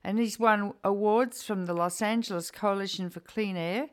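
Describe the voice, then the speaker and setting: An older woman hosting a radio interview program, speaking in an earnest, measured way. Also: medium pitch, steady tone. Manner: earnest, measured, re-enacts quotes. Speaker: radio show host.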